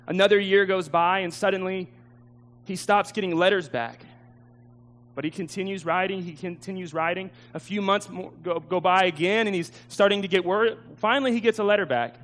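A man's voice: high-pitched, moderate pace, a bit bright. A man preaching a sermon, telling a story with emotion and laughing at himself. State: tearful at times.

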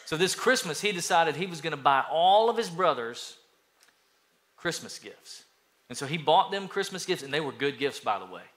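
A middle-aged pastor from East Tennessee preaches with a bright, forceful voice pitched a little high. He tells homely stories and slips into the voices of squabbling kids to make his point. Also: normal speed. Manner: storytelling, acts out children's voices, lively. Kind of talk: sermon.

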